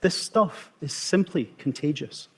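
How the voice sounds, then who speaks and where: A man's voice: a little high, expressive, fairly bright tone, breathy edge. Wry Scottish man telling stories. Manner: wry, self-mocking storyteller with dramatic pauses. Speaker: emergency consultant giving a talk. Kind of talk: storytelling conference talk.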